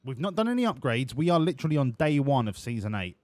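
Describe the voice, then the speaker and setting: A man streams a game and talks over it in a profane, jokey, rambling way. His pitch swings widely, rising and falling as he goes. The close mic gives a dry sound with no room in it. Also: very animated, fast talker, a little mellow, no room sound. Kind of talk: live-streamed gameplay commentary.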